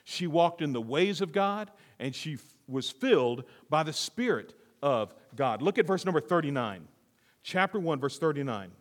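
A man preaching a sermon as pastor, reading scripture and swinging from hushed asides to loud, emphatic repeated lines. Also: a little high, animated, normal speed. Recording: long reverb of a large room.

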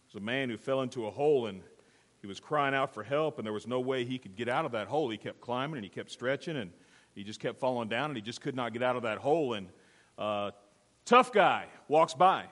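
A man's voice: medium pitch, animated, brisk, a bit bright. A male pastor delivering a sermon in a church, telling a story and drawing amens from the congregation. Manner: storytelling, emphatic, call-and-response. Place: church sanctuary. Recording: long hall reverb.

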